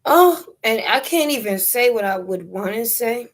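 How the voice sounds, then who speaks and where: A young woman from New York City, her voice fairly high and lively in intonation, chats casually on a phone livestream. She talks in an unhurried, drawn-out way with a New York accent, laughing often and dropping slang.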